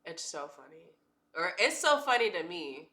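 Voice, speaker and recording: A woman's voice: lowish voice, sing-song, normal speed, bright, forceful tone. A woman streamer with a stuffy nose, chatting casually and swearing often. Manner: chatty, swears a lot, says "dude" often. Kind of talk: casual chat. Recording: echoey room with music playing.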